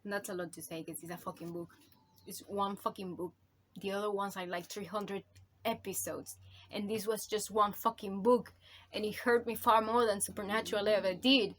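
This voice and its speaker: A woman rambling through a casual video review at a mid-range pitch, heaping on swear words and fillers as she gushes. She gets emotional and sounds close to tears, and faint noise sits under her voice. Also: steady tone, moderate pace, a bit bright. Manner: gushing, profane, rambling with many fillers. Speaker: book reviewer.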